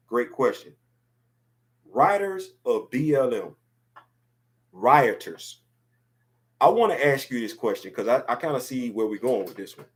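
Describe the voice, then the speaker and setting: A man in his fifties hosting a casual opinion show, talking emphatically and repeating words to drive his points home. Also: mid-range voice. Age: 50s. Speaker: podcast host.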